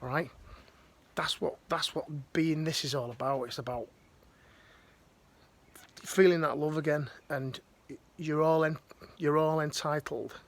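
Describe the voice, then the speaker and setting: A man's voice: fairly high pitch, steady tone, unhurried, pauses often. A man giving a motivational life-coaching talk to camera, emphatic and direct, repeating his key phrases.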